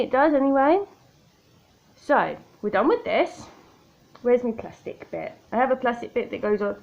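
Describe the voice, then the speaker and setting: Here the makeup vlogger's fairly high voice comes through gravelly, with the top frequencies missing from the recording. She jokes at her own expense as she walks the viewer through her makeup at home, sitting indoors near a window and recording on a tablet camera.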